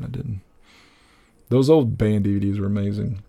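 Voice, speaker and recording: A man in his thirties on a casual podcast, animated and swearing freely, laughing often. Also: fairly low pitch, moderate pace, gravelly, slightly rough, dry recording. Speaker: podcast co-host.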